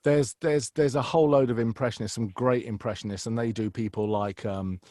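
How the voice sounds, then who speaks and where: A man's voice: medium pitch, steady tone, a little fast, warm tone, no echo, clean studio sound. A man, an impressionist and voiceover artist, chatting casually in an interview with rambling, restarting sentences. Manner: rambling, restarts, frequent fillers.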